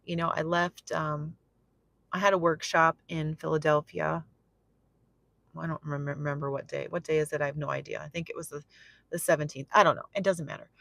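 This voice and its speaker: A woman minister preaching through a personal story, chatty and repetitive, swinging from soft musing to loud, excited exclamation. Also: on the low side, no room sound. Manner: repeats phrases for emphasis. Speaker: prophetic minister.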